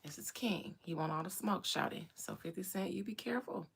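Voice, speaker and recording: A woman's voice: mid-range voice, brisk, gravelly, a little hiss or hum. A woman hosting a livestream, giving chatty commentary and often dropping into whispered asides. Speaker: livestream host. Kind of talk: casual commentary.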